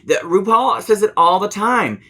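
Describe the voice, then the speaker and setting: Man, podcast co-host, bright tense tone, fairly high voice, opinionated casual talk. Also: expressive, moderate pace. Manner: opinionated, repeats points for emphasis. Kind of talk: casual chat.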